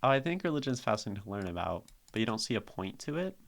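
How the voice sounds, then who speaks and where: A man's voice: lowish voice, big pitch swings, fast talker, vocal fry. A young man streaming live, casually talking through a poem and reacting to chat, thinking aloud at a desk mic. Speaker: streamer critiquing poetry.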